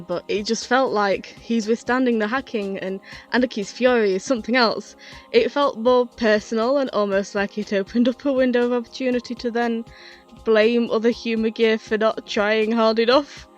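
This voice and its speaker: A woman with a fairly high voice gives a casual retrospective review, chatty and enthusiastic and quick to laugh. She sounds slightly out of breath. Faint music plays quietly behind her.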